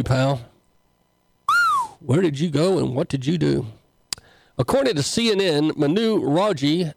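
A man's voice: a little high, vocal fry, a little mellow, no room sound, rough recording. Folksy preaching man, dry close sound. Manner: folksy, conversational, with frequent fillers and restarts. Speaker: pastor and show host. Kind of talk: casual political commentary and preaching.

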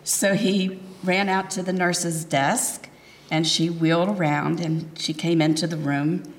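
Slow, hesitant woman sharing a testimony. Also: fairly low pitch, fairly even intonation. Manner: slow, hesitant telling with many fillers. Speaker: church member giving a testimony with her husband. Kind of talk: personal testimony told to a congregation.

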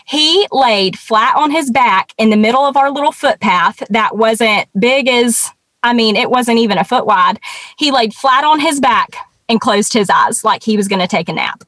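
A woman's voice: on the high side, moderate pace, a bit bright, no echo. Earnest woman telling a story. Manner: earnest, many ums and restarts. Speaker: guest. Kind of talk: casual conversational storytelling.

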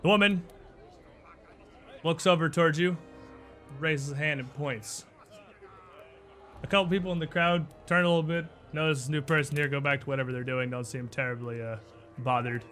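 Bright-toned male game master narrating a tabletop game over soft background music. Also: fairly high pitch, steady tone. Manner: descriptive, unhurried narration with fillers.

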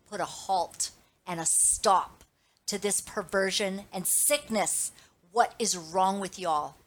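A woman's voice: medium pitch, a bit bright. A woman hosting her own Christian commentary show, talking straight to her viewers in an emphatic, indignant, preachy way. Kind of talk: impassioned live commentary.

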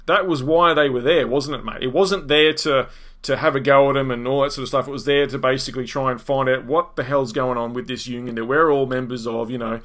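An Australian man hosts a casual talk show, telling stories with animation and acting out other people's lines. His voice sits at an ordinary middle pitch for a man. He speaks in an easygoing, conversational way. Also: brisk. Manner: animated storyteller, acts out quotes, chuckles. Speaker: podcast host. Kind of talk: casual commentary chat.

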